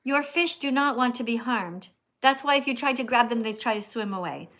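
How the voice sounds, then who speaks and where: A woman's voice: on the high side, a little fast, fairly bright tone. A middle-aged American woman hosting a livestream in casual chat, emphatic and scolding, repeating herself. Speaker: livestream host.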